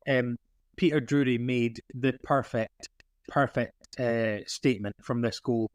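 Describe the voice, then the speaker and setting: Excitable gushing male podcast host. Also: mid-range voice, unhurried, smooth, dry recording. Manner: excitable, gushing, rambling with restarts. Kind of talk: casual fan podcast chat.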